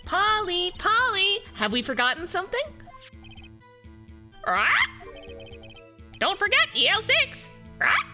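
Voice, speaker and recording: A man voicing a perky young woman sidekick in a game, in a high sing-song pleading voice. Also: huge pitch swings, slow, long pauses, bright, forceful tone, soft background music, exaggerated voice. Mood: coaxing. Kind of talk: reading game dialogue aloud.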